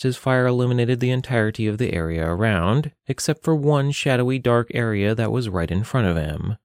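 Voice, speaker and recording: A man reading a fantasy story aloud in a steady, measured way. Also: lowish voice, no room sound, clean studio sound. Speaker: narrator. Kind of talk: fantasy audiobook narration.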